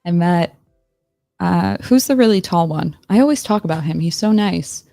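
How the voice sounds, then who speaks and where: Gravelly low-voiced woman chatting on stream. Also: lively intonation, normal speed, mellow, dry recording, studio quality, soft background music. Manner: rambling, searching for names, laughing often. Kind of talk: casual chat on a livestream.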